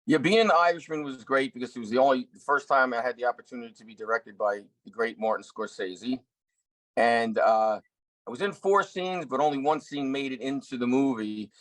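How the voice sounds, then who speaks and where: A middle-aged actor and director telling a story in an interview, earnest, with many restarts. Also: male voice, medium pitch, fairly quick, a bit bright, no room sound, rough recording. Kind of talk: anecdotal interview talk.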